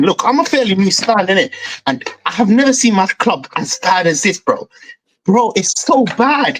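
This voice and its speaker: A young man rants on a football stream, his voice jumping high and dropping low as he swears. He sounds furious and keeps repeating "bro". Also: a bit bright, low-quality recording. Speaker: fan show host. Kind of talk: heated football fan rant.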